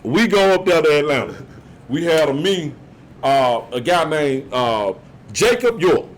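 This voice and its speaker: A Birmingham, Alabama man, guesting on a podcast, tells a story in a casual, profane, animated way and often acts out others' words. His voice is on the high side and a little slow.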